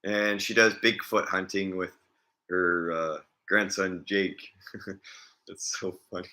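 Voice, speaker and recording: A man's voice: sits low, level tone, slow, pushed and bright. A man vlogging in a casual, rambling chat, often chuckling as he talks.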